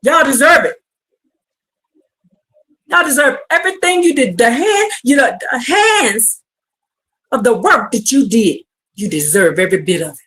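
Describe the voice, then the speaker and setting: A woman preaching a livestreamed sermon, fervent and building to shouted exhortation. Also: a little high, sing-song, measured pace, long pauses.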